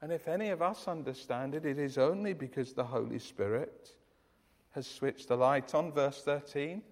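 A man preaching from the pulpit with an earnest, emphatic delivery and a notably high voice. His words ring out with a long reverb, as if spoken in a large church hall. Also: normal speed. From United Kingdom. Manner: earnest, emphatic, with frequent restarts. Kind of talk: sermon.

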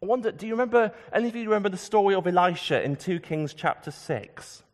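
A man in his thirties preaching a sermon, emphatic, dropping low and soft on key words. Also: expressive, fast talker. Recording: long reverb of a large hall.

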